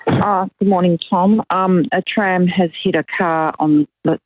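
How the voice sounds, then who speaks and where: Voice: mid-range voice, fairly even intonation, measured pace, breathy edge, no room sound. A caller phoning in to a talkback radio show, reporting plainly and a little hesitantly. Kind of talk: phoned-in talkback call. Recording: phone line.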